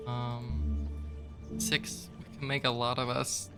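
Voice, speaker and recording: A man's voice: mid-range voice, level tone, slow, loud music behind the voice. A male streamer reading a gamebook aloud, with casual, chuckling asides.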